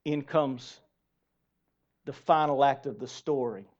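A male pastor preaching a sermon in a church, animated and asking the congregation rhetorical questions. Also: medium pitch, takes it slowly. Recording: dull lo-fi sermon recording.

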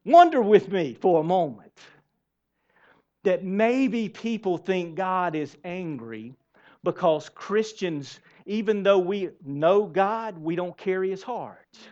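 Male preacher, high voice, animated sermon with audience questions, muffled lo-fi church recording. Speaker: pastor.

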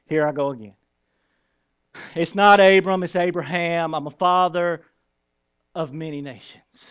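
A man's voice: fairly high pitch, unhurried, a bit bright, smooth. A man playing a sheepish, embarrassed husband.

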